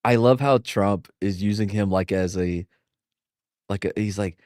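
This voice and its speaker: A man's voice: lowish voice, measured pace, a little mellow, dry recording, clean studio sound. A man co-hosting a casual podcast chat who jokes, laughs often and keeps restarting his sentences. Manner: slips into mock impressions. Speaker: podcast co-host.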